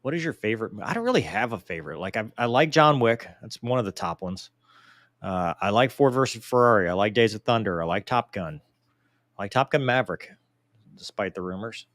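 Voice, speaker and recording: A man in his forties, voice fairly low and pace a little fast, hosts a casual live Q&A in a dry recording. He reads viewer mail and jokes about himself, coming across as animated and self-deprecating.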